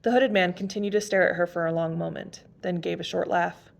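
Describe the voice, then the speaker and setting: A woman reads a novel chapter aloud in steady storybook narration. Her voice sits low and carries a noticeable gravelly fry. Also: brisk, dull audio. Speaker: reader.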